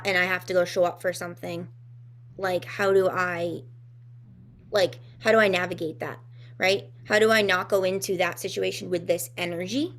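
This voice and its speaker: A woman co-hosts a relaxed talk, musing aloud about healing and emotions. Her mid-pitched voice carries a gravelly fry. She wanders through her thoughts, circling back and filling pauses as she searches for words. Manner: rambling, searching for words with many fillers. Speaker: podcast co-host. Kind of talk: casual reflective talk on healing.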